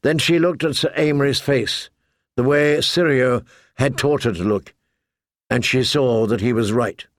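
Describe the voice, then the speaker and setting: Slow, measured male narrator. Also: mid-range voice, no echo, clean studio sound. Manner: measured, deliberate. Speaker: audiobook narrator. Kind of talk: scripted narration.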